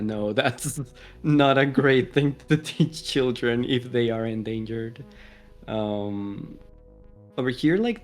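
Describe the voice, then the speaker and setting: A man chatting casually on a stream, peppering his speech with "like.". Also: on the low side. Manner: chatty, lots of "like". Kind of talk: casual chat.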